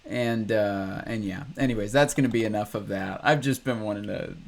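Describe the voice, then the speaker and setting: A man's voice: fairly low pitch, moderate pace, gravelly. A man hosting a reaction video, ranting casually with frequent swearing, restarts and laughs. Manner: profane, rambling, laughs often. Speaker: ex-Christian reaction host.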